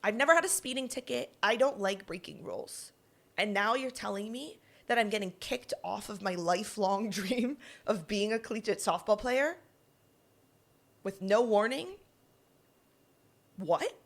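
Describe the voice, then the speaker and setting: A woman's voice: mid-range voice, a little slow. Young woman telling a personal story. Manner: animated, acts out quoted lines. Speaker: podcast co-host. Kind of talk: casual storytelling.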